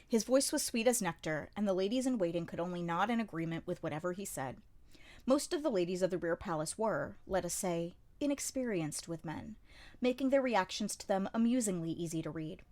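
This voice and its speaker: A woman's voice: fairly low pitch, expressive, fairly quick, a little mellow. A woman narrating a light novel as an amateur audiobook reader, in a dry, wry storytelling manner. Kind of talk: scripted narration.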